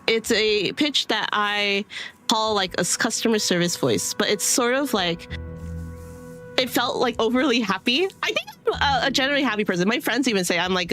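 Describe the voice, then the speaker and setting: A woman's voice: mid-range voice, fairly bright tone. A woman streamer chatting casually with her audience, rambling with many fillers and restarts, her throat a little dry. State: dry throat, clearing it now and then.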